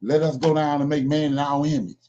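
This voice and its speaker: A man's voice: fairly high pitch, level tone, a little fast, mellow, a little hiss or hum. A man leading an informal Bible study. He reads verses aloud, then explains them with emphasis and keeps asking "right?". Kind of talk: informal scripture teaching. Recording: dull lo-fi recording.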